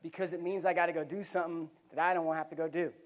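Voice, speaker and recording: A middle-aged man speaks from a conference stage in a fairly high voice. He tells stories in an earnest, folksy way and talks to the crowd like neighbors. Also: flat delivery, very fast, a little hiss or hum. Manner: storytelling, earnest and folksy, addresses crowd as y'all. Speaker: keynote speaker. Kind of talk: motivational speech. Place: conference hall.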